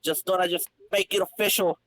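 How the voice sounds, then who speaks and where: A man's voice: high voice, fairly even intonation, a little fast, fairly bright tone, slight background noise, rough recording. A man voicing a ruined middle-aged businessman villain who laments melodramatically, in a comedic dramatic reading of a comic. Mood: despairing. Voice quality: melodramatic, self-pitying.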